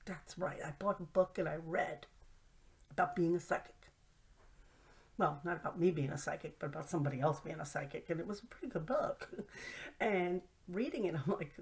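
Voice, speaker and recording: Middle-aged woman, lowish voice, self-mocking storyteller, whispered asides. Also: normal speed. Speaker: host. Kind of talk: humorous storytelling monologue.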